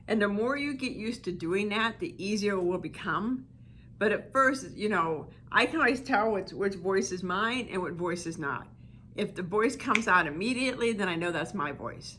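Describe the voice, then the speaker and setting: Woman, healing coach, casual reflective talk with many asides, bright voice. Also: medium pitch, lively intonation, moderate pace, a little hiss or hum. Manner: conversational, full of "you know" asides. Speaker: inner child healing coach.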